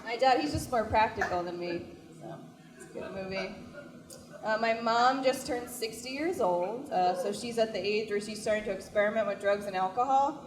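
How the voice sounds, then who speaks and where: Young woman doing stand-up, chatty and self-deprecating, kinda high voice, echoey little club. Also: moderate pace, heavy background noise. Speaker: stand-up comedian. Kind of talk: stand-up comedy set. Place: small comedy venue, indoors. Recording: echoey live comedy venue.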